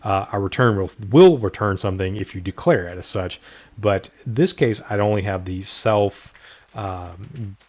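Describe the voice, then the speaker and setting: A man's voice: lowish voice, moderate pace. A middle-aged man teaching programming, walking through code step by step with frequent filler words. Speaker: programming instructor. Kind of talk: screen-recorded coding tutorial.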